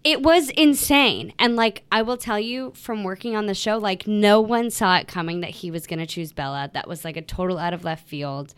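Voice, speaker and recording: A woman co-hosting a podcast in casual chat, gushing and animated, with lots of "like". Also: mid-range voice, normal speed, hardly any pauses, smooth. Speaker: podcast co-host.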